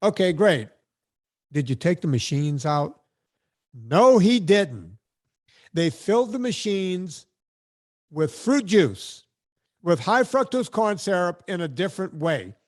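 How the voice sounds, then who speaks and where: Man, podcast host, high-pitched, blunt, sarcastic, emphatic casual chat. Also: sing-song, a little slow.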